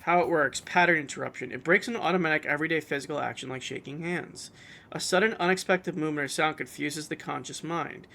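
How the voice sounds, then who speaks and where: Bright gravelly man streaming. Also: a little high, fast talker. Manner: laid-back, joking, reads messages aloud. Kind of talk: casual stream chat, reading chat and search results aloud.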